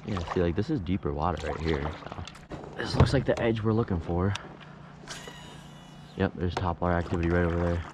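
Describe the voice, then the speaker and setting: Out on a lake, a low-voiced young fishing vlogger chats casually to his viewers from a kayak as he fishes. He gets excited easily and is quick to groan over his mistakes, swinging from quiet musing to loud, frustrated outbursts. The outdoor camera audio carries steady background noise.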